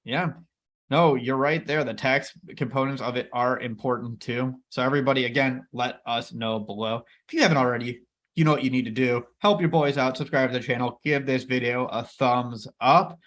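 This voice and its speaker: Here's an enthusiastic investing co-host whose medium-pitched voice is a bit bright and moves at a moderate pace. He chats casually and speaks directly to viewers, whom he calls "everybody."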